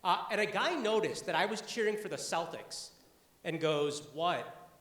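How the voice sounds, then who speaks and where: A man's voice: high-pitched, lively intonation, moderate pace, fairly bright tone, roomy sound. A young man from the Boston area performing a stand-up comedy set, talking conversationally with lots of "uh" fillers. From Boston area, USA. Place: comedy club stage before an audience.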